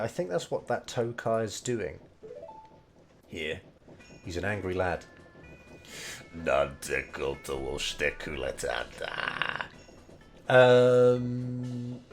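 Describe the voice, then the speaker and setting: Man, unhurried low voice, hedging explainer tone over soft music. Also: gravelly. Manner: thinks aloud, hedging, many fillers. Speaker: language learning streamer. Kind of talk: casual explanation of game dialogue.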